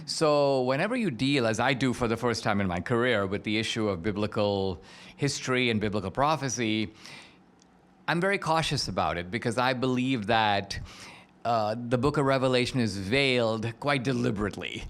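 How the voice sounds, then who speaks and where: A man who is a filmmaker and author, explaining things in a measured, cautious way as a podcast guest. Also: mid-range voice, lively intonation, a bit bright. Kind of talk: interview talk.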